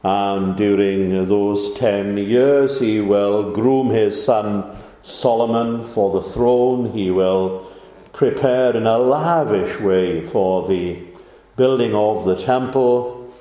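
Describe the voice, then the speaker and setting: Man, preacher, sermon, measured, frequent pauses, mellow low voice. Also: echoey room. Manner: measured delivery with frequent "uh" pauses, rising for emphasis.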